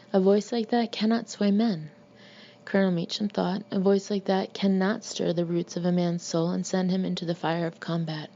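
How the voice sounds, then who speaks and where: A woman reading a novel aloud in a measured, even narration. Her voice is mellow and low-key, and the recording sounds dull and lo-fi. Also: a little hiss or hum. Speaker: audiobook narrator. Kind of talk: audiobook narration.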